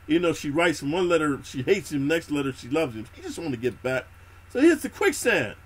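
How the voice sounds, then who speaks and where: A man's voice: a little high, quick pace, husky. A middle-aged man talking casually in heavy street slang and constant swearing, telling prison and military stories to his viewers. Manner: streetwise slang, swears a lot, calls listener homie. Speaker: YouTube prison-story host. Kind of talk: unscripted casual monologue.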